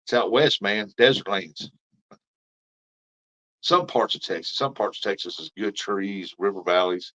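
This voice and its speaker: Low-voiced man chatting on a fishing stream. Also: unhurried, pauses often, bright, forceful tone. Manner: rambling, reads out viewer comments. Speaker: fishing livestream host. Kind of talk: casual live-stream chat. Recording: dull lo-fi stream audio.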